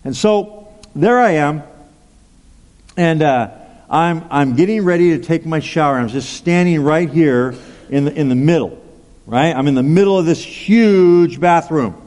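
A man's voice: fairly high pitch, a little slow, darkish tone. A male pastor preaching a sermon, telling a personal story in a chatty way with asides like "okay?" and "right?". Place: large church hall. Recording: long hall reverb.

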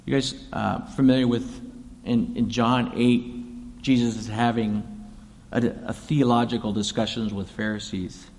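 A man preaching in a loose, chatty way, paraphrasing the passage in plain modern speech. His voice sits at an ordinary middle pitch. The room leaves a long reverb trailing after each phrase. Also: level tone, unhurried, a little mellow. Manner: conversational, paraphrases scripture in casual voices. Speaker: pastor. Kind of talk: sermon.

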